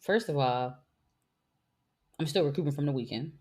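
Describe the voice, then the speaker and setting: A woman's voice: sits low, moderate pace, slightly rough. A woman in her thirties co-hosting a podcast, telling stories in casual chat, acting out voices and laughing often. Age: 30s. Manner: animated storyteller, laughs often, acts out voices. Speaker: podcast co-host. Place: living in New York.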